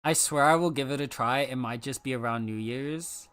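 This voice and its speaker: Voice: medium pitch, moderate pace, a bit bright. A live streamer chatting casually with viewers, playful and teasing, with mock-dramatic complaints. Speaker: live streamer talking to chat.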